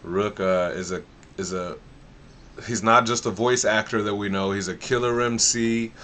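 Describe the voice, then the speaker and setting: A man's voice: on the low side, fairly even intonation, normal speed, a bit bright, a little hiss or hum. A man hosting a live stream, chatting casually in a laid-back, rambling way with casual swearing. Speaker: stream host. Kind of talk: casual chat.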